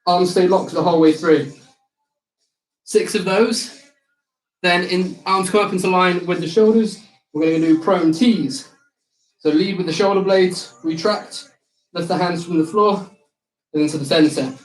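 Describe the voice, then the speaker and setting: A man's voice: sits high, unhurried, long pauses. A young man coaching a live online circuit class, cueing exercises with light banter. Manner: upbeat, instructive cueing with banter. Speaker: fitness instructor. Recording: echoey room.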